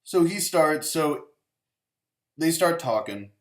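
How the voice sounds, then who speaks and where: A man's voice: fairly high pitch, lively intonation, takes it slowly. Rambling, sarcastic male movie reviewer. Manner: rambling and sarcastic, heavy on "like" and swearing. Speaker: host of a movie review show. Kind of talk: casual profane movie review. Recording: roomy echo.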